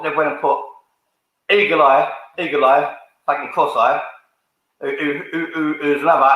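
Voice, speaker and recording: Brief: man, bright high voice, confrontational swearing rant, very echoey room. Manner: confrontational, swearing, repetitive, calls people out. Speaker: fan channel YouTuber. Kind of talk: angry rant to camera.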